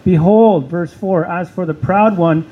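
A man's voice: high-pitched, a little slow, narrow, tinny audio, slight background noise. A man preaching a sermon as pastor, asking the listeners questions and repeating key words for emphasis.

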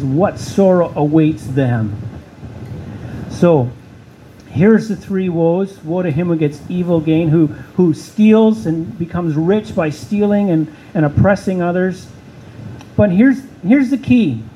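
A man's voice: on the high side, a little slow, dark tone, slight background noise, poor audio. A man preaching a sermon as pastor, asking the listeners questions and repeating key words for emphasis.

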